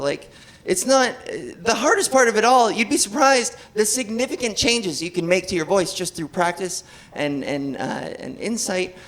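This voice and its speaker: A trans woman performing a stand-up set, animated and self-deprecating, swearing freely and laughing at her own jokes. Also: fairly low pitch, rough recording. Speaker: stand-up comedian. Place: comedy club stage. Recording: live club audience laughing.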